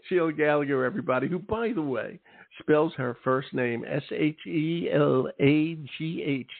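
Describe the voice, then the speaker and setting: A man's voice: a little high, expressive, slow pace, creaky. Emphatic male radio host, phone-like sound. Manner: emphatic, peppers talk with "okay?" and "all right". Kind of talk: casual interview talk. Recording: tinny phone-like line.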